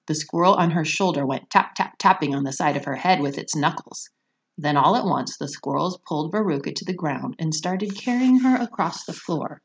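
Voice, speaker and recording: Expressive woman teacher reading aloud. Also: low voice, moderate pace. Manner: expressive, explains words to listeners. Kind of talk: reading a children's novel aloud.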